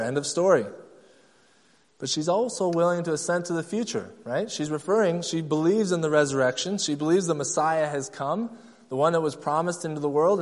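Man, pastor, sermon, emphatic, repeats phrases, slightly high voice, church reverb. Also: darkish tone.

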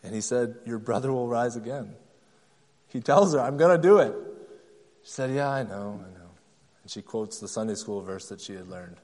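A man's voice: medium pitch, expressive, moderate pace, a little mellow. Emphatic male pastor in a reverberant hall. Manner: emphatic, acts out quoted voices, repeats key phrases. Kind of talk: sermon.

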